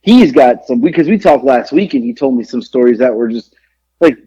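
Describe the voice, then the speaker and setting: A man's voice: medium pitch, expressive, fairly quick, mellow, breathy edge. A man co-hosting a podcast, telling a long story in a rambling, profane way with many restarts. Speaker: podcast co-host. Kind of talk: casual storytelling chat. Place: home studio in Georgia. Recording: dull lo-fi dry sound.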